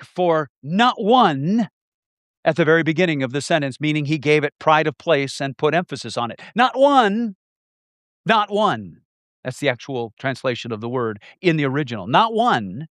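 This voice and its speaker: Male preacher, slightly high voice, emphatic and repetitive, dry close recording. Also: no echo. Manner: emphatic, repeating key phrases, swinging from loud to hushed. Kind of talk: sermon.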